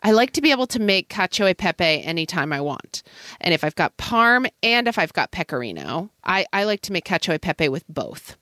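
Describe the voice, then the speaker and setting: Woman, 30s-40s, lowish voice, animated chatty podcast co-host, dry close mic. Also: fairly quick, no room sound. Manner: chatty, opinionated, frequent "like". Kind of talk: casual food chat.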